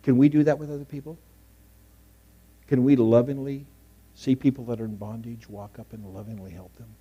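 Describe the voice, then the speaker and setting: Storytelling pastor with dramatic hushed asides. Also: male voice, mid-range voice, steady tone, brisk, breathy edge, narrow, tinny audio. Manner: storytelling, swings from loud emphasis to hushed asides. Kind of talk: sermon. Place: church sanctuary.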